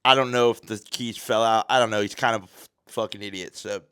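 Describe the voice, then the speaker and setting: A man's voice: on the low side, fairly even intonation, a little fast, a bit bright, clean tone, no room sound, studio quality. A man hosting a podcast, telling a story in a casual, profane, slang-heavy way. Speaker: podcast host.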